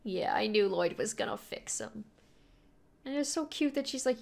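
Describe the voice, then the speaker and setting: A woman's voice: on the high side, moderate pace, gravelly. A young woman hosting an anime reaction video, talking casually and gushing often as she reacts. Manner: animated, gushing, laughs often.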